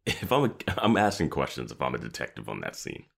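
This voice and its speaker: Man, very deep voice, gravelly, lively pitch, podcast co-host, wry asides. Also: quick pace. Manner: wry interjections, animated asides. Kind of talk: casual recap chat.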